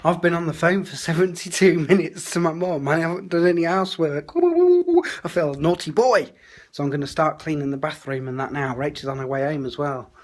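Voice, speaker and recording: A man's voice: fairly high pitch, little pitch movement, fast, hardly any pauses. A man, chatting casually into his phone about his day at home, grumbling with indignant asides. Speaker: vlogger. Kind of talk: casual vlog chat. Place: family home. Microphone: phone held at arm's length.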